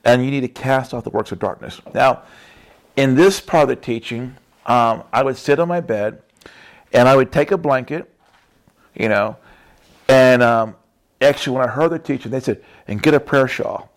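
A man's voice: medium pitch, normal speed. A man preaching in a casual storytelling way, chatty and laughing often, with frequent tag questions.

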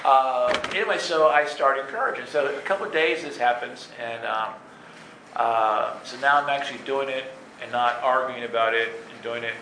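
A man telling stories from his life in an animated way, laughing and acting out voices. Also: mid-range voice, moderate pace, slight background noise. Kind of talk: storytelling talk. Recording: echoey room with faint ambience.

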